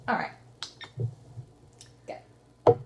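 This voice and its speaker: A woman teacher reading a storybook aloud and tutoring a child, in an expressive and encouraging manner. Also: drawn-out words, lo-fi sound. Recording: roomy room with faint noise.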